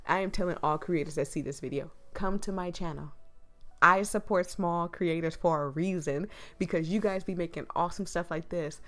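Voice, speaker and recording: A woman with a fairly low voice hosts a let's play of a visual novel. She reacts emphatically and enthusiastically, talking back to the game and reading its narration aloud. Faint game music sits in the background. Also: moderate pace, a bit bright.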